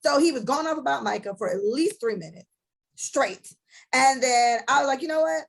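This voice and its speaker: A young woman with a slightly high, gravelly voice and a husky edge co-hosts a casual podcast. She tells her stories bluntly and profanely, acting out each side of an argument as she goes. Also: expressive, normal speed, poor audio. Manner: blunt, profane storytelling that acts out both sides of arguments. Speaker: podcast co-host.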